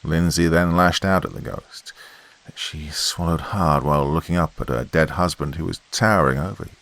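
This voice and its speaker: A man narrating a scripted horror story in a dramatic, measured way. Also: very deep voice, fairly bright tone.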